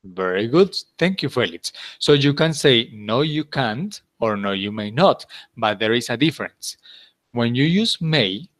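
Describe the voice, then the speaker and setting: A male English teacher at a mid-range pitch, talking his students through a grammar point with patient, careful explanations. His voice is close and dry, with almost no room sound. He keeps stopping to check whether everyone is following. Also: sing-song, a little slow, no echo. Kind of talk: online class instruction.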